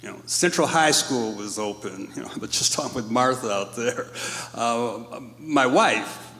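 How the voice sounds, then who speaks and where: Older guy choked up telling his neighborhood story, slow and gravelly, big echoey hall. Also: mid-range voice, expressive, sharp tone. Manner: emotional, choked up, slow and halting. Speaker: panelist at a live storytelling event. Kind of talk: personal storytelling on stage. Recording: reverberant hall.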